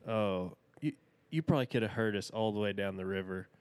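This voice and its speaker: Man, thirties, low voice, dry close sound; easygoing storyteller with a folksy, rambling delivery. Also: fairly quick, no room sound. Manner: folksy, rambling, laughs often. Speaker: podcast guest. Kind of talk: casual storytelling.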